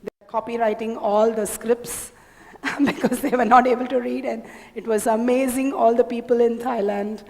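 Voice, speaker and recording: A woman with a slightly high voice gently talks people through a live demonstration, addressing them politely as she gives instructions. Her handheld-mic sound rings out with a long hall reverb. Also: fairly even intonation, moderate pace, gravelly. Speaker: demonstration coordinator.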